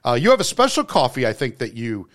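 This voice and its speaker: A man's voice: mid-range voice, huge pitch swings, quick pace, a bit bright. A man from New Jersey chatting casually as a co-host, rambling with many restarts and fillers. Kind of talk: casual chat.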